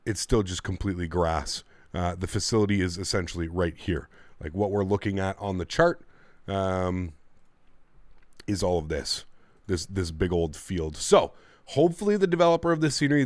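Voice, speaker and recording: A man's voice: low voice, expressive, moderate pace, a little mellow, no room sound. A man streaming a flight simulator, chatting casually and thanking his viewers in a friendly way. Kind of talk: casual livestream commentary.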